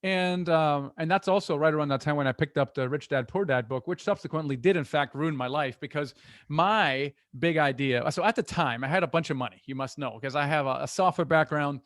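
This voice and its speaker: A middle-aged man talking as a guest in an interview, earnest and animated as he tells stories. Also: a little high, brisk, no echo, clean studio sound. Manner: earnest, animated storytelling with restarts. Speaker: guest, real estate investor. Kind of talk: conversational interview.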